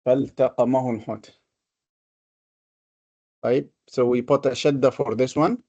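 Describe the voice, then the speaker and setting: A man's voice: medium pitch, steady tone, moderate pace, a little mellow, dull audio. A man teaching a classroom lesson on Quranic reading. He talks patiently, explains step by step and repeats his examples. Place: classroom with a board.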